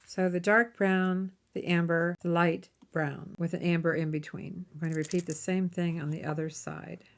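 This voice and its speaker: A woman demonstrates a craft project in a relaxed, conversational way. She thinks aloud as she works and drops friendly tips for the viewer. Her voice sits a little low for a woman. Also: normal speed. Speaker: jewelry-making channel host. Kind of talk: casual how-to demonstration.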